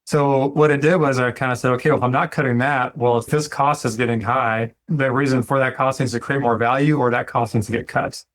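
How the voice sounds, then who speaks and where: A relaxed man in his thirties, speaking as a dentist guest on a podcast. His voice sits at a middle pitch, and he talks in an easygoing, reflective way, now and then acting out what he tells his staff. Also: brisk, few pauses. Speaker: dentist and practice owner. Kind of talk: casual interview talk.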